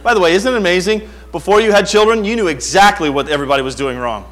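A middle-aged man preaching a sermon, telling stories with animated swings from quiet asides to near-shouting. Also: high-pitched, fast talker. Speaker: pastor.

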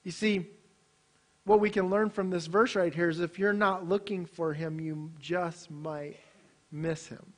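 A man preaching a sermon, swinging from loud, emphatic bursts to hushed, quiet passages. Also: measured pace. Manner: animated, swings between loud emphasis and hushed low delivery.

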